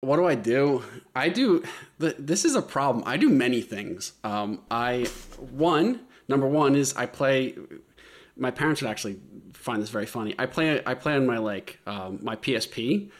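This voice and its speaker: A man's voice: medium pitch, lively intonation, moderate pace. A man co-hosting a casual podcast over a remote call, laid-back and swearing casually. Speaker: podcast co-host. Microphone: remote call mic.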